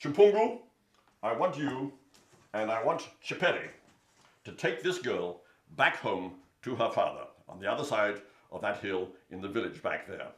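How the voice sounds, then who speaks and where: A man voicing a bossy male lion king who gives loud, brisk orders. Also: on the low side, sing-song, roomy sound. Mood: commanding.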